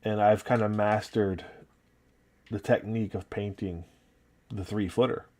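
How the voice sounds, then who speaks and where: A man's voice: lowish voice, measured pace. A man with an upstate New York accent, hosting a casual livestream and chatting loosely while he paints and reads the chat. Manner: relaxed, rambling, talking while working and reading chat. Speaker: livestream host painting miniatures.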